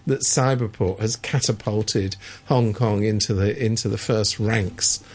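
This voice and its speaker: A man's voice: fairly low pitch, steady tone, unhurried. A man giving sardonic, opinionated commentary in a radio studio, stammering and restarting as he talks.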